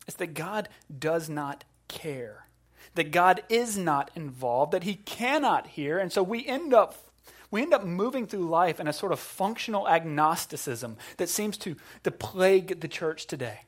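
Animated male pastor telling stories. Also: high-pitched, measured pace, husky. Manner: animated storytelling with casual asides. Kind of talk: sermon. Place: church in front of a congregation.

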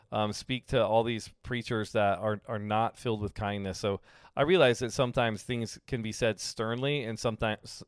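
Low-voiced pastor, casual sermon. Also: male voice, smooth, no echo, clean studio sound. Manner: conversational, with frequent fillers and acted-out quotes.

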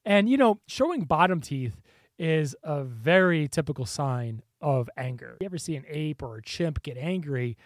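Male commentator, chatty, laughs a lot, a touch high-pitched, dry close mic. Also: lively intonation, normal speed, no echo. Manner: chatty, laughs often, mimics voices in quotes. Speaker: commentator reacting to clips. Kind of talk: casual commentary on video clips.

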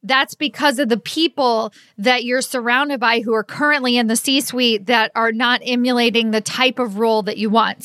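A woman's voice: on the high side, sharp tone, no room sound. A woman hosting a solo career-coaching podcast, telling stories in an upbeat way and laughing often.

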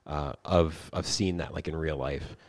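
A man's voice: very deep voice, steady tone, measured pace, a little mellow, no echo, clean studio sound. A man hosting a faith podcast, talking casually with many fillers. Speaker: podcast host. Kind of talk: podcast conversation.

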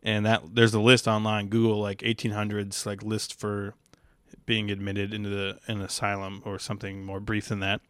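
A young man with a smooth, clear voice rambles through a casual solo monologue, wry and unfiltered, swearing freely. The sound is close and dry, with no room echo. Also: on the low side, monotone, normal speed, fairly bright tone. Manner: rambling, crude and profane, wry. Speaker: stand-up comedian.

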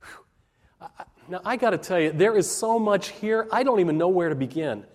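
High-voiced man preaching in a hall. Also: expressive, a little mellow. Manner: earnest preaching with emphatic rises and slowed, dropping phrases. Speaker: pastor. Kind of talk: sermon.

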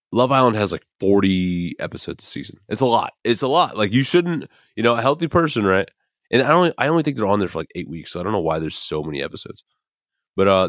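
This podcast host, a young Midwestern man with a lowish voice, rambles through casual, emphatic commentary thick with fillers and the odd curse. The recording is dry and of studio quality.

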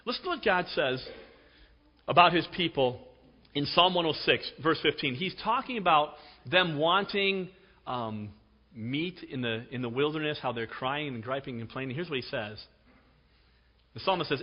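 A middle-aged man preaching a sermon, telling stories with emphasis and dropping to a hush for effect. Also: on the high side, expressive, normal speed. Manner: storytelling, emphatic, with dramatic drops to a hush. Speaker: pastor. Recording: dull recording with long hall reverb.

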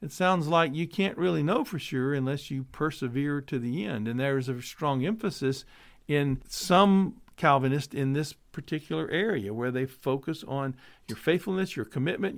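A man teaching theology, reading scripture aloud and explaining it in a measured, explanatory way, his voice dropping low at the end of each point. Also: gravelly. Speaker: Bible teacher.

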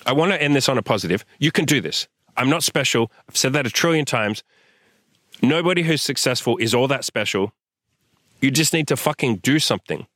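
Young guy going off on a listener, swearing constantly, pushy motivational rant, dry close sound, middle-pitched voice. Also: lively intonation, a little fast, no echo. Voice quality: swears a lot, forceful and direct. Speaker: host. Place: outdoors in sunlight.

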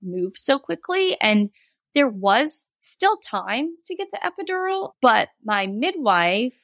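A woman's voice: on the high side, big pitch swings, takes it slowly, fairly bright tone, no room sound. A woman in her thirties, a guest telling a personal story in a candid, rambling way, with laughs and quoted asides. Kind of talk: casual interview storytelling.

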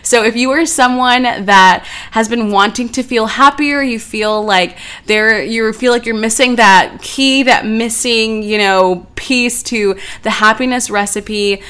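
A woman's voice: fairly high pitch, a bit bright, smooth. A woman in her twenties hosting a casual solo podcast, talking in a bubbly, gushing way. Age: 20s. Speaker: podcast host.

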